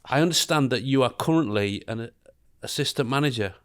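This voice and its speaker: A man's voice: medium pitch, fairly quick. A man co-hosting a podcast in casual chat, hesitant and often restarting his sentences, who also reads the sponsor segment. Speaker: podcast co-host.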